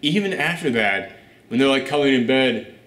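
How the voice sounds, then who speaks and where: A man talks through a film review in a loose, casual way. He sounds blunt and sarcastic and swears without a second thought. His voice sits at a middle pitch and echoes around a roomy space. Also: animated, normal speed, fairly bright tone. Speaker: film review show host. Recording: roomy echo.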